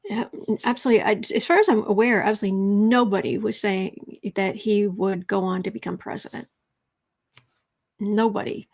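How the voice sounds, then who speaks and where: A woman's voice: mid-range voice, moderate pace, vocal fry. A woman with a Southern accent hosting a casual tarot livestream, chatting with viewers, reading out their comments and dropping sarcastic asides. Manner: chatty, sarcastic asides, drops to soft murmurs while shuffling. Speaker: tarot reader and livestream host.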